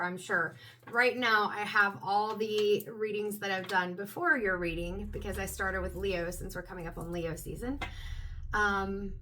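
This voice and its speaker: A woman tarot reader, her voice still hoarse from being sick, chatting casually with many ums as she introduces a reading. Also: mid-range voice, sharp tone, recorded from a distance, slight background noise. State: recovering voice, slightly hoarse.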